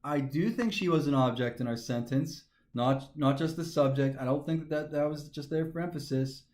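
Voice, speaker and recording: Male teacher with a fairly high voice who talks methodically through each step; recorded in a reverberant room. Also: moderate pace, a little mellow. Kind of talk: recorded grammar lesson. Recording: echoey room.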